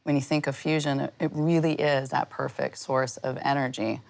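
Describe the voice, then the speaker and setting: A woman guest in an interview, explaining clearly and confidently. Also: rumbling low, steady tone, normal speed, a little mellow. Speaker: industry expert guest. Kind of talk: interview answers.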